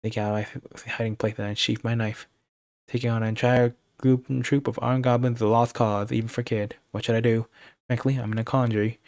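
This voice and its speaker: A man's voice: mid-range voice, level tone, a little fast, a little mellow, no room sound. A man streaming, reading a text game's narration aloud with casual asides and the odd stumble.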